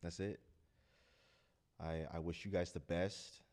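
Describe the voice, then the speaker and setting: A man with a remarkably deep, low voice hosts an unscripted talk, speaking earnestly to his audience. He tells stories in a loose, meandering way, sincere and from the heart. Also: little pitch movement, slow, darkish tone. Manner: loose, rambling storytelling. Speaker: host of a talk channel. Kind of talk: casual heartfelt monologue.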